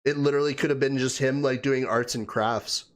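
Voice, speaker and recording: A Canadian man hosts a casual livestream, greeting viewers and reading their comments aloud while chatting and laughing. His mid-range voice is brisk, with fairly even intonation.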